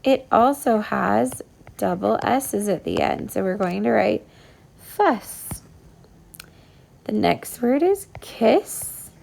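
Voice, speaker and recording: A woman's voice: medium pitch, big pitch swings, creaky, a little mellow, a little hiss or hum. A woman teacher giving a recorded phonics lesson to young pupils, patient and sounding out each word. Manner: slow, patient, sounding out words. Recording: iPad whiteboard voice recording.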